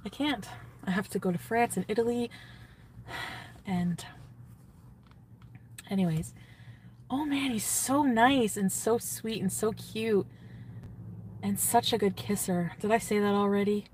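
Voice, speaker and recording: A woman talks on a casual livestream, giddy and gushing. Her sentences trail off and break into laughter, and her pitch sits mid-range for a woman. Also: measured pace, pauses often, darkish tone, slight background noise.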